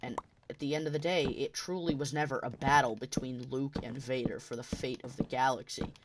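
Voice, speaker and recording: A man with a mid-range voice, neither high nor low, talks in a loose, rambling monologue while he plays a game. He is passionate and keeps circling back and restarting his sentences. A faint hiss sits under the recording. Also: steady tone, a little fast. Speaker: gaming channel host.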